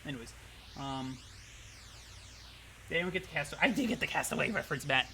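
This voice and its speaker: Guy streaming a game at home, swearing and reacting loud, voice jumps all over. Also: on the high side, animated, fast, gravelly, a little hiss or hum. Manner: swears often, reacts loudly. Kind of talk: casual livestream playthrough.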